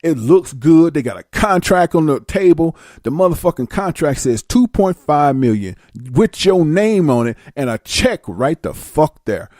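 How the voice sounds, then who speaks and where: Animated, blunt man telling a story. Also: a little high, measured pace, dry recording, clean studio sound. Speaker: vlogger. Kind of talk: casual storytelling.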